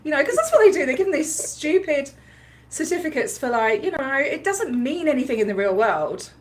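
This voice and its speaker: This activist livestream host, an Australian woman, speaks in a fairly quick, high voice. She tells a story in a laid-back livestream recap, lively and talkative, full of fillers and frequent bursts of laughter.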